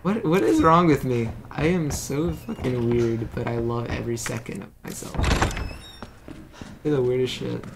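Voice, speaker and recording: A man's voice: mid-range voice, normal speed, background noise. A man hosting a game walkthrough, rambling and swearing freely as he plays and jokes about himself. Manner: profane, rambling, self-mocking. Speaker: gaming channel host. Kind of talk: let's play commentary.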